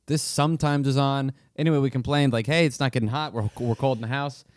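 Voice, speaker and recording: A laid-back man chats casually on a podcast and adds quick jokes. His voice is smooth and clear, and it is recorded dry and close to the mic. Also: medium pitch, fairly even intonation, no room sound. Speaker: podcast co-host. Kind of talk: casual conversation.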